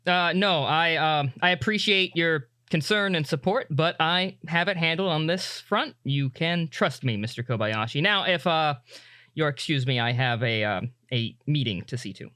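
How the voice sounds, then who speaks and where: A man's voice: fairly high pitch, lively intonation, normal speed, sharp tone, clear, resonant tone, no room sound. A man voicing a portly, jolly middle-aged commander who is polite, hesitant and full of ums. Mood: courteous. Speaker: game master voicing a character.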